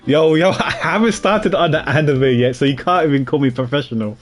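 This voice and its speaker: A man's voice: fairly high pitch, brisk, few pauses, soft background music. A man streaming a video game, chatting casually and poking fun at himself. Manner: chatty, self-mocking, rambling. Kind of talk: casual livestream commentary.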